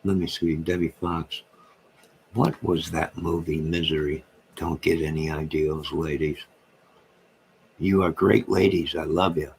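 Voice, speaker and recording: A man's voice: very deep voice, steady tone, unhurried, gravelly, slight background noise. A man hosting a late-night livestream from home, bantering and joking in a rambling way as he answers his viewers' comments. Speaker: livestream host reading chat.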